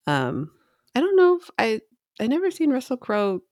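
A woman's voice: a little high, wildly swooping pitch, moderate pace, darkish tone, no echo. Hesitant woman podcast co-host, dry sound. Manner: rambling, hesitant, many fillers. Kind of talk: casual chat.

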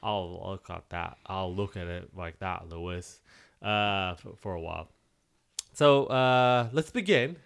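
A man's voice: sits low, unhurried, creaky, fairly bright tone, smooth. A man co-hosting a podcast. He chats casually and jokingly about a film, rambling and laughing as he goes. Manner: rambling, jokey, breaks into laughs and silly noises. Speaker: podcast co-host. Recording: faint film soundtrack playing behind.

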